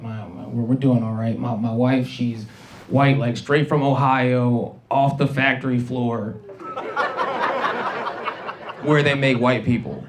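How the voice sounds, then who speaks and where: A man in his thirties doing a stand-up comedy set, animated and slipping into put-on voices. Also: on the high side, slight background noise. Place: comedy club stage with audience.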